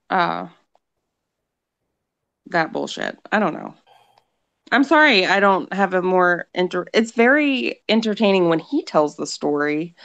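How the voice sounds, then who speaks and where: A woman's voice: lowish voice, gravelly, a bit bright. A woman chatting casually on a podcast, hesitant and laughing easily. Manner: slow, hesitant, laughs often. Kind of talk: casual chat.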